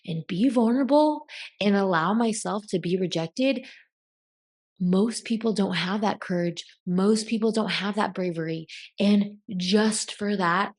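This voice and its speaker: A woman's voice: medium pitch, moderate pace. A woman giving a blunt, emphatic motivational talk as a self-help coach, swearing casually.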